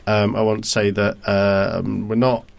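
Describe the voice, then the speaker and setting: A man's voice: on the low side, little pitch movement, normal speed, creaky, slight background noise. A man co-hosting a comics podcast, talking casually with jokes and hesitant filler words. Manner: joking, rambling, hesitant with many ums. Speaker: podcast co-host. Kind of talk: casual chat.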